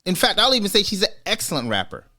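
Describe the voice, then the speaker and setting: A man's voice: sits high, huge pitch swings, fast, pushed and bright. A man hosts a casual podcast debate and gives his opinions emphatically. He speeds up when he drives a point home. His delivery is conversational and direct. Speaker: podcast host.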